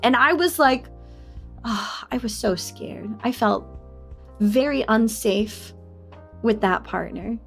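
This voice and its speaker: A young woman streaming, confiding a personal story in an unhurried, middle-pitched voice. Every so often she breaks into high, excited squeals at her chat. Soft music plays faintly behind her. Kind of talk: casual livestream chat, telling a personal story.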